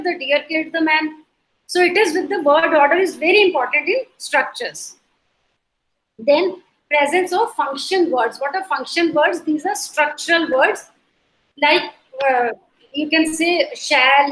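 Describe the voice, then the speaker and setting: A woman's voice: high voice, moderate pace, a bit bright. A woman with an Indian accent teaching an online lecture over a video call, explaining through repeated examples and checking that students follow. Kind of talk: online lecture mixing in Hindi. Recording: echoey room.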